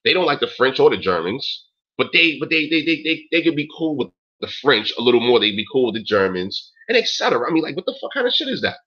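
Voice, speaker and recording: Husky-voiced man ranting profanely. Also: mid-range voice, sing-song, quick pace, sharp tone. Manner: profane, emphatic, repeats "yo" and "man". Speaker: host. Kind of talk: casual rant on a talk stream. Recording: dull lo-fi recording.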